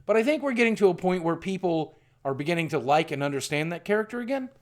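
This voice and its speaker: A man's voice: sits high, very animated, quick pace. A middle-aged man from southwestern Virginia, talking in a candid, rambling, self-deprecating vlog monologue with frequent restarts. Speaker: YouTuber.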